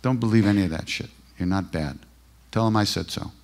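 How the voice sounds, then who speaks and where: A man giving a casual spiritual talk to a live workshop audience, blunt and joking, with sudden swings between loud and soft. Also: low-pitched, brisk, slight background noise. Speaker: spiritual teacher and chant singer.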